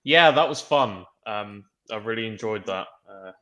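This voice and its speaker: A low-voiced man chats as a guest on an online call. He sounds relaxed and pauses often with fillers as he talks. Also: muffled recording. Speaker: guest on a live stream chat. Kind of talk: casual online chat.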